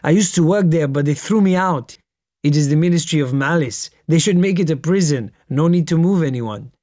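A man's voice: a little high, normal speed, mellow, no echo, studio quality, close to an everyday voice. A man voicing a bitter, volatile middle-aged taxi driver who speaks mournfully before erupting in anger.

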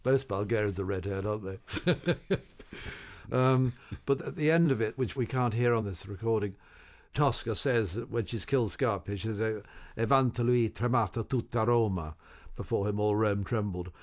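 A man's voice: on the low side, moderate pace, darkish tone. An older man, a radio interview guest, telling wry stories in an anecdotal way with hesitant restarts.

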